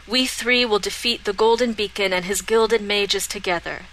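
A woman's voice: medium pitch, moderate pace, sharp tone, slight background noise, natural voice, low-quality recording. A woman voicing a powerful, possessive queen who speaks in a commanding tone that defies any challenge.

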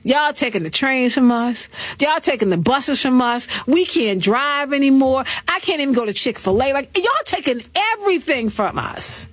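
A woman hosting a talk show, riffing through celebrity gossip with sassy, animated commentary and quick laughs. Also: high-pitched, no room sound. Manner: animated, sassy storytelling with laughs and mock voices.

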